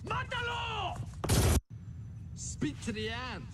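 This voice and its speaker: An actor playing a brash young wannabe gangster with a London street accent and swaggering slangy talk, from a movie trailer. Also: male voice, very high-pitched, wildly swooping pitch, takes it slowly, very noisy, heavily acted. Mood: cocky. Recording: movie trailer over loud music.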